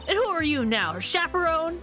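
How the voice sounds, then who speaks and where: A woman's voice: very high-pitched, big pitch swings, a little fast, pushed and bright, soft background music, pitched above the performer's own voice, exaggerated voice. A woman voicing a brash, blustery Southern woman photographer with an exaggerated American Southern drawl. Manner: blustery, scolding. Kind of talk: reading game dialogue aloud.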